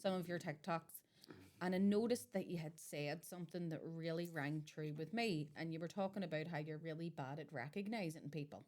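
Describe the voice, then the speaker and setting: A young woman with a Belfast accent, hosting a podcast and chatting casually, quick to agree and telling stories. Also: deep voice, a little mellow. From Northern Ireland. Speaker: podcast host. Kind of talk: casual chat.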